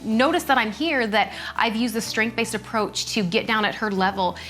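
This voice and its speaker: A woman's voice: a little high, moderate pace, soft background music. A woman co-hosting a casual chat show, talking animatedly and acting out what people say in a shifting voice. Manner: animated, acts out quoted speech in a shifting voice. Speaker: podcast co-host.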